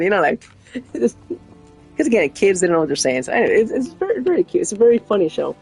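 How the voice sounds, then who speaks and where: A woman's voice: medium pitch, very animated, brisk, darkish tone, husky, faint music behind. A woman chatting casually while streaming a game, rambling and laughing often. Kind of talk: casual chat while gaming.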